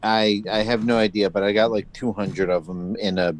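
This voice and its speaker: A man's voice: on the low side, fairly even intonation, moderate pace, a little hiss or hum. A man co-hosting a casual podcast, tossing off joking asides. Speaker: podcast co-host. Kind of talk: casual chat.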